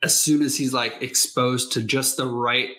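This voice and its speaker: A man co-hosting a casual book discussion, eager and quick to exclaim. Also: medium pitch, steady tone, sharp tone. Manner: enthusiastic, reacts with exclamations. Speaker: podcast co-host.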